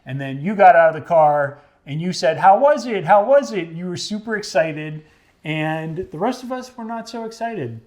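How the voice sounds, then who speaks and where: Man, podcast co-host, relaxed rambling storyteller. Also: a little high, moderate pace. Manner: relaxed, rambling, with self-corrections. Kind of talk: casual storytelling chat.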